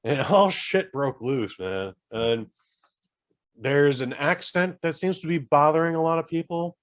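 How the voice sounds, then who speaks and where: A man's voice: fairly high pitch, measured pace. A man casually reviewing a film on a podcast, rambling and jokey, with frequent profanity and restarts. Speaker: podcast co-host reviewing films.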